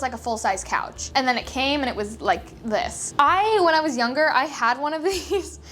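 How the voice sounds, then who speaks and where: A young woman from Los Angeles chatting casually in a vlog, warm and emotional, laughing often and filling her talk with "like.". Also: high-pitched, slight background noise. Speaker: vlogger. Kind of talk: casual chat. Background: soft background music.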